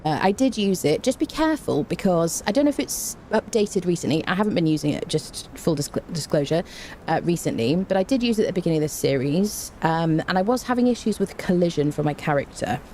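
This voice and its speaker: Low-voiced woman streamer. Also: lively intonation, fairly quick, darkish tone, a little hiss or hum. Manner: chatty, greets viewers by name, dry self-mocking jokes. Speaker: game streamer. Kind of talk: casual live-stream chat while gaming.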